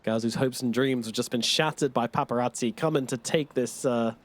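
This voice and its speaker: A man calling live esports play-by-play in a broadcast booth, reacting quickly and excitedly to the action. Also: medium pitch.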